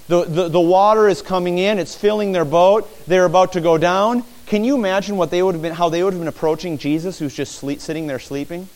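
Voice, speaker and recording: A man preaching a sermon in church, animated, acting out the disciples' cries as he teaches. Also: high voice.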